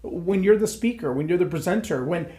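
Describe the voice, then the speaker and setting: Higher-pitched male speaking coach, measured reflective monologue. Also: expressive, dark tone. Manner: reflective, measured, with repeated phrases for emphasis. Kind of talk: solo talk to camera.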